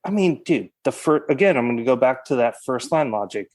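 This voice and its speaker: Podcast guest, man, mid-range voice; animated casual talker, salty language. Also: mid-range voice, fairly quick. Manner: animated, swears, heavy use of "like". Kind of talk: casual chat.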